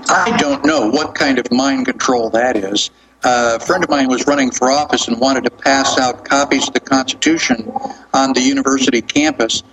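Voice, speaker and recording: A man speaking as a guest on a radio show, explaining in a measured way. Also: medium pitch, fairly even intonation, background noise.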